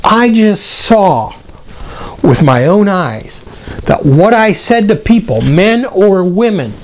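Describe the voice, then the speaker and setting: An older man with a slightly high voice tells a story from his youth. He is animated, and he acts out the voices of the people in it. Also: takes it slowly. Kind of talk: personal storytelling talk.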